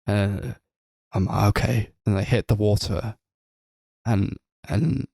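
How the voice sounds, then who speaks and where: Low-voiced man retelling a film plot. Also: takes it slowly, vocal fry, no room sound, studio quality. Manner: animated storyteller, acts out characters' lines. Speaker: film podcast co-host. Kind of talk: casual film review chat.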